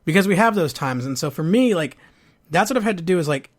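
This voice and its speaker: A man hosting a podcast, speaking earnestly and haltingly about his own grief and hurt, with frequent restarts. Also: on the high side, lively intonation. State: going through a divorce, sad. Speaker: podcast host. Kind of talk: personal reflective monologue.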